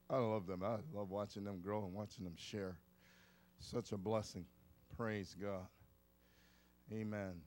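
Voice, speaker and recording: A man's voice: lowish voice, darkish tone. A man in his fifties preaching a sermon in a conversational way, coaxing the congregation along. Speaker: pastor.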